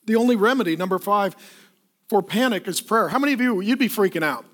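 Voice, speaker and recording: A middle-aged male pastor preaching a sermon, telling a funny personal story in an animated, self-deprecating way. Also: high voice, quick pace.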